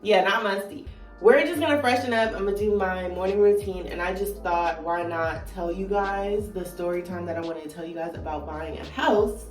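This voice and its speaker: A woman's voice: medium pitch, normal speed, recorded from a distance. A woman in her twenties with a groggy morning voice, telling a casual story time vlog, chatty and playful with lots of "like" and "you know". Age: 20s. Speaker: vlogger. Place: at home while doing her morning routine. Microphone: phone on a moving gadget. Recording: echoey room, phone set back, soft music behind.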